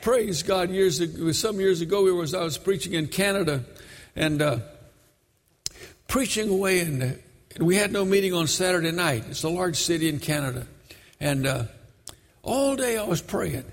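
A man from Brooklyn preaching a sermon, moving between shouted exhortation and a folksy story told with many fillers. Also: high-pitched, moderate pace, long reverb tail.

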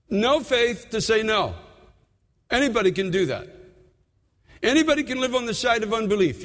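A man with a high voice preaches a sermon in an earnest tone. He often repeats a word as he goes and slows down to stress a point. His voice rings through a large hall with a long echo.

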